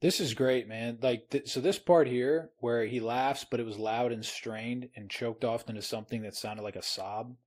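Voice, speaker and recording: Husky man, enthusiastic book chat. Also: medium pitch, fairly even intonation, normal speed, hardly any pauses, darkish tone. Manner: enthusiastic, repeats words, says "man". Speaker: podcast co-host. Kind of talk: casual book discussion.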